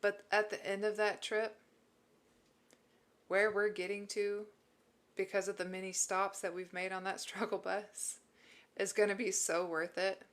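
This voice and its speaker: A woman's voice: medium pitch, little pitch movement, unhurried, long pauses. A woman hosting a live stream, answering chat and encouraging viewers about mental health, emotional and teary. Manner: warm, encouraging, reads and answers chat messages. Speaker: livestream host.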